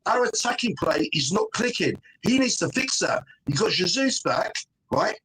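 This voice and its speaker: A middle-aged man dials in on a phone and argues his point with emphatic force, pitched a touch high for a man. He keeps hammering his words home with "mate" and "right?", a faint hiss of noise behind him. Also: very animated, moderate pace, fairly bright tone, low-quality recording. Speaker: fan panel guest. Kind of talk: casual fan podcast chat.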